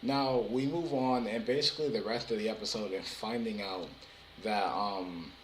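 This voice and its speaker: A man's voice: lowish voice, steady tone, normal speed, echoey room, a little hiss or hum, poor audio. A young man giving a casual, rambling recap of a TV episode, full of fillers and restarts. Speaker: TV episode reviewer.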